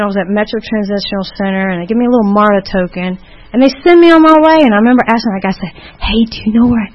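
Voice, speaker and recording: A woman's voice: a little high, lo-fi sound. A woman giving personal testimony at a recovery meeting, candid and rambling, with many restarts as she tells her story.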